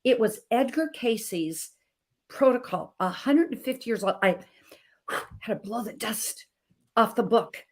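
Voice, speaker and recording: On a talk show, a thirtysomething Montana woman who works as a health coach shares her story with passion, driving points home by repeating phrases. Her voice is on the high side with lively intonation, and she takes her time.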